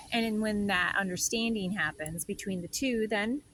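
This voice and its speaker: A woman hosting a reflective inspirational talk as a spiritual healer, soft, meandering and heartfelt. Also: mid-range voice, measured pace, a little hiss or hum, rough recording.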